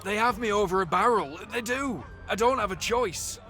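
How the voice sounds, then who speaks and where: A man's voice: high-pitched, normal speed, pushed and bright, faint music behind. An actor playing a sly male con-man who wheedles and plays for sympathy in a video game. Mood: wheedling. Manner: wheedling, theatrical.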